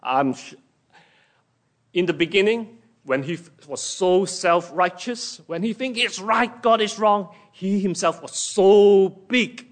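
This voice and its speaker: High-voiced, slow, emphatic male preacher. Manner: slow, emphatic preaching that acts out scripture quotes. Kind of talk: sermon.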